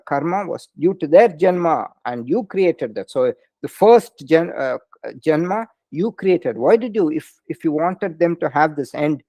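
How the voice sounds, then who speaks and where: Indignant ancient sage, shrill and high, accusing, as a male teacher puts him on. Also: mellow, dry recording. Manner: shrill, outraged questioning. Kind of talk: storytelling in a lecture.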